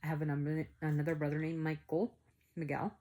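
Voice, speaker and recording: A woman vlogger casually telling a personal story to her viewers, animated and full of "like" fillers. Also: sits low, fairly quick. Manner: animated, acts out quoted dialogue, many "like" fillers.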